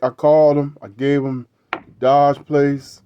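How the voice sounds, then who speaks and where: A man's voice: fairly high pitch, level tone, slow pace, muffled recording, slight background noise. Middle-aged man telling a rambling story. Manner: rambling, repeats words, tags lines with "right?". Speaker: show host. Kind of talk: casual storytelling monologue.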